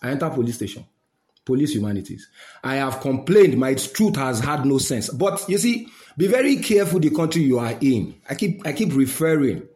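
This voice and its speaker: A man's voice: mid-range voice, animated, a little fast, darkish tone, reverberant. A man with a Nigerian accent giving a fiery, scolding rant to camera, slipping into Pidgin. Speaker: social commentator.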